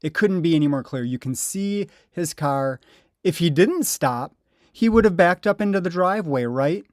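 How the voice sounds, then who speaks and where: A man's voice: fairly high pitch, lively intonation, normal speed, no room sound, clean studio sound. A man giving sarcastic, indignant commentary over police bodycam footage. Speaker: video commentator.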